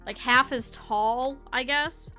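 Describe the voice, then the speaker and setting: A high, sharp voice takes its time here, with faint music behind it. The speaker is a young woman streaming herself sketching a sewing pattern, thinking through it aloud and casually talking to her chat as she crafts.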